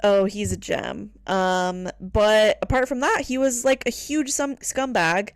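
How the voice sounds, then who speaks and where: Here a woman's smooth, medium-pitched voice moves at a measured pace. She's co-hosting a podcast, chatting casually with lots of fillers and the odd swear word.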